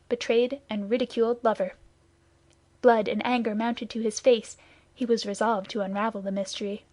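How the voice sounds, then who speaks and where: A woman narrates a classic audiobook in a steady, measured way. Her voice sits a little higher than most, recorded close and dry with no room sound. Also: no room sound. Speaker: audiobook reader. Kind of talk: scripted narration.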